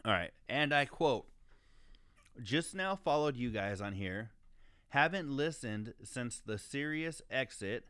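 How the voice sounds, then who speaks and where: A man's voice: mid-range voice, animated, slow pace, fairly bright tone, smooth, no room sound, studio quality. A man co-hosting a podcast, ranting heatedly with heavy swearing and stumbling restarts. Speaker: podcast co-host. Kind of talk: casual profane podcast chat.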